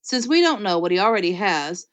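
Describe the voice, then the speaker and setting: A woman voicing a patient, no-nonsense mother in an audiobook, calm and quiet. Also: mid-range voice, a little fast, no room sound, lightly acted. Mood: firm. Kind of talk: audiobook character voice.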